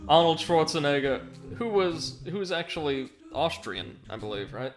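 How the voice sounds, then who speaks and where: A man's voice: fairly high pitch, sing-song, normal speed, soft background music. A young man casually commenting on a video game while reading viewer messages aloud. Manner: rambling, chatty, reads chat aloud. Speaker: livestream gamer.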